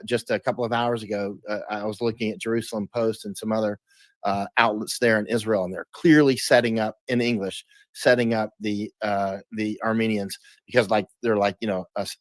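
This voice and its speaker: A man's voice: on the low side, no room sound. A man talking as an interview guest, emphatic, often restarting and repeating words. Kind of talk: casual interview talk.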